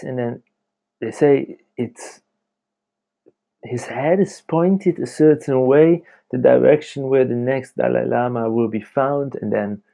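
A man's voice: medium pitch, vocal fry, mellow. A young man hosting a casual late-night podcast from home, rambling and chatty, laughing often as he talks. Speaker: podcast host.

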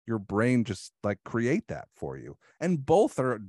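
A man's voice: mid-range voice, huge pitch swings, warm tone, breathy edge, no room sound, studio quality. A man chatting as a podcast guest, thinking aloud with many restarts and filler words. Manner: thoughtful, halting, with many restarts and filler likes. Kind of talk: casual conversational chat.

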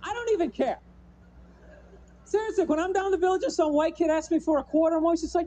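Male comic, high voice with a mellow tone, loose rambling stand-up delivery. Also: quick pace, pauses often, lo-fi sound. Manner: loose, rambling delivery full of "you know" and "man". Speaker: stand-up comedian. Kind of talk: stand-up routine.

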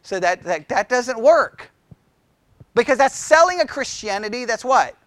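A middle-aged man leading a Bible study, chatty and animated, often asking the group questions. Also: extremely high pitch, measured pace, no room sound.

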